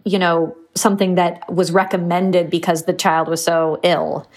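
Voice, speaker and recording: A woman's voice: fairly low pitch, level tone, normal speed, slight background noise. A woman guest in a casual podcast chat, blunt and indignant, often trailing off and restarting her sentences.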